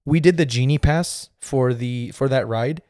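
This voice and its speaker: A man's voice: mid-range voice, measured pace, darkish tone, no room sound, studio quality. A man in his thirties hosting a podcast, telling a rambling story with lots of fillers and laughing as he goes. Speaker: podcast host. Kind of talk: casual storytelling.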